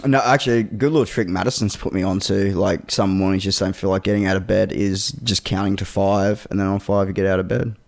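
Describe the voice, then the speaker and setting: A man's voice: sits low, steady tone, fast talker, creaky, hardly any pauses, a little mellow. A man co-hosting a casual podcast, rambling with fillers and swearing. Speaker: podcast co-host. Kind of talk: casual chat.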